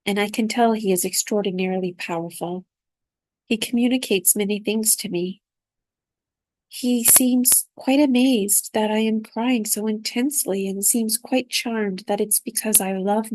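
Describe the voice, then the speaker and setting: A woman reading aloud from her own spiritual dream journal in a soft, unhurried, reflective way. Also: mid-range voice, slight background noise.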